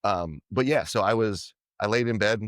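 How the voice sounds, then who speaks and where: A man being interviewed as a podcast guest, telling lively anecdotes and acting out what others said. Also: on the low side, moderate pace, clean tone, no echo, studio quality. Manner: animated anecdotes, quoting others in dialogue. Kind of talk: casual storytelling interview.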